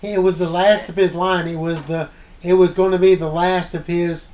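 Laid-back cohost voice, mid pitch, just agreeing and adding bits. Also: level tone, normal speed, darkish tone. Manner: low-key, agreeing, adds plot details. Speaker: podcast co-host. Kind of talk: casual chat.

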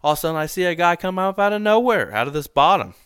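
Bright-voiced man telling a hunting story. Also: high-pitched, fast, clean tone, no room sound, clean studio sound. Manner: animated, laughs often, acts out voices in quotes. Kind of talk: casual storytelling.

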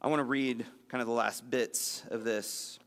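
A man teaching a casual Bible lesson in a conversational, animated way, acting out the scenes he reads. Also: medium pitch, normal speed, big-room sound.

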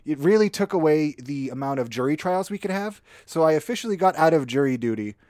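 A man co-hosting a podcast, chatting casually with sarcastic, rapid banter. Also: on the high side, lively intonation, a little mellow, no echo, studio quality. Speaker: podcast co-host. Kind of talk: casual chat.

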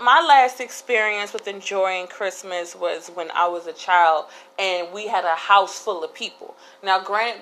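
A woman's voice: medium pitch, a bit bright, rough recording. A woman hosting a casual solo podcast, talking candidly in a rambling way with frequent restarts. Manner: candid, rambling, laughs between thoughts. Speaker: podcast host.

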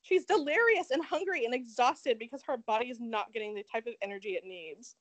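A woman's voice: a little high, expressive, fairly quick, rough recording. A woman in her twenties co-hosting a podcast, chatting casually in a gossipy, profane way and laughing often. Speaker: podcast co-host. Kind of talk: casual chat.

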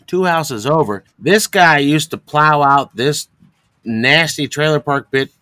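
A man's voice: on the high side, animated, a little slow, bright, forceful tone, no room sound. Podcast co-host, male, rambling storyteller, profane, dry mic. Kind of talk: crude casual chat.

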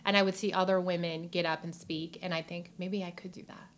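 Woman, heartfelt guest on a faith podcast, slightly low voice, casual and tearful. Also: flat delivery, a little fast. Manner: earnest, heartfelt, many "like" fillers. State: emotional, near tears. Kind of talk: faith-based casual chat.

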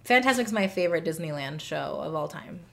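Woman, podcast co-host, casual chat, lowish voice, enthusiastic. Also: expressive, brisk, gravelly, fairly bright tone. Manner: chatty, enthusiastic recounting.

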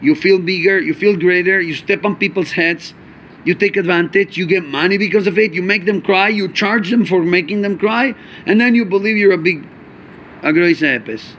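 A man teaching a chassidic Torah class, animated, asking rhetorical questions and mixing in Yiddish and Hebrew terms. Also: high voice, normal speed, slight background noise.

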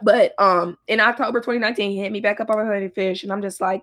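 Animated, profane woman telling a story. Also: fast talker, few pauses. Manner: animated, profane, laughs often, swings into high-pitched outbursts. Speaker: storyteller recounting her dating life. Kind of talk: casual storytime monologue.

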